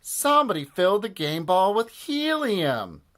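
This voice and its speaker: A man voicing an excited fan who shouts accusations from the bleachers, high and loud. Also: measured pace, exaggerated voice. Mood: outraged.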